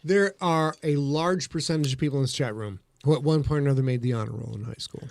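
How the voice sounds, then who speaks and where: A man's voice: mid-range voice, quick pace, gravelly. A man hosting a casual livestream chat, brash and teasing, full of jokes. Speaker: podcast host.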